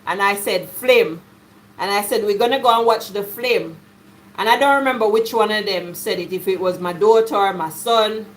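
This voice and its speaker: A middle-aged Jamaican woman chatting through a home cooking video in her kitchen, jokey and quick to laugh. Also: mid-range voice. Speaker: cooking vlogger. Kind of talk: casual cooking chat.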